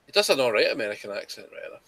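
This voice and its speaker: A man with a Scottish accent chatting casually, blunt and quick to swear. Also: medium pitch, very animated, sharp tone, no echo. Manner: blunt, swears, laughs along. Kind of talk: casual chat.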